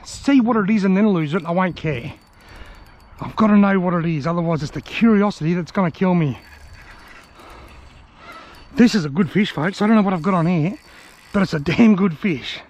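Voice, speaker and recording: An Australian man with a high voice, chatting enthusiastically to viewers on a riverbank as he narrates a fishing vlog. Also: a little mellow. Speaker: fishing vlogger. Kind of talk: casual outdoor vlog narration. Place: outdoors on a riverbank.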